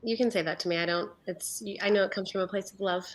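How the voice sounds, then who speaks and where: A woman's voice: medium pitch, fairly even intonation, fast talker. A woman co-hosting a casual livestream chat, easygoing and affectionate. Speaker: co-host.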